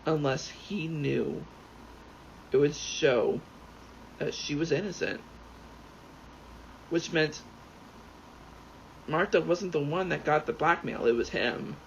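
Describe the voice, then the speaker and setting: Rambling, excitable man with a higher voice. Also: slow, vocal fry, pauses often. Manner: rambling, excitable, swears freely. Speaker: gaming YouTuber. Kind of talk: casual commentary while playing. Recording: dull lo-fi sound with faint background noise.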